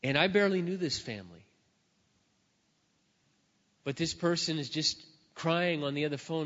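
Animated storytelling pastor in a reverberant hall. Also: male voice, on the high side, normal speed, pauses often. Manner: animated storyteller, acts out barking and shouting. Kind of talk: sermon storytelling. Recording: dull sound with long hall reverb.

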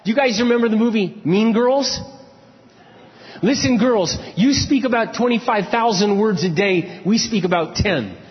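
A man preaching in a big church hall, his fairly high voice ringing with long reverb. He tells stories from his own marriage, dropping to quiet confessional asides and then rising into loud shouted points. The sound is a bit dull and muffled. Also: moderate pace. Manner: storytelling, swings from low confessional murmurs to loud shouted emphasis. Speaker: pastor. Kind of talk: sermon.

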